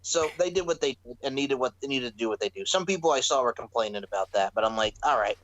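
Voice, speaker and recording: A man hosting a wrestling podcast in animated, profane, casual chat, laughing often as he talks. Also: medium pitch, quick pace, lo-fi sound. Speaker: podcast host.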